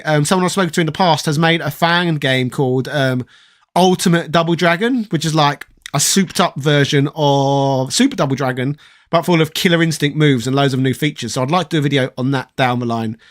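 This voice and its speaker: A man of around forty, from southeast London, hosting a casual livestream in a put-on posh English accent, reading chat and giving opinions with plenty of swearing. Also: on the high side. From southeast London, England. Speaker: host reading live chat.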